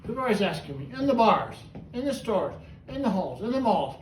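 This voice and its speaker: Guy running a pet bird show, lively up-and-down patter, a bit far from the mic, faint room hum. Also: high-pitched, a little fast, echoey room. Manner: chatty, animated, coaxing the bird. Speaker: host of a trained parrot show.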